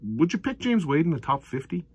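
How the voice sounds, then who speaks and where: Man, commentator. Husky voice, lively pitch, heated rant, dry close mic. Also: fairly quick, no echo. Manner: heated, ranting, swings from low mutters to loud outbursts. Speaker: darts commentator. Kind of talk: opinionated solo video commentary.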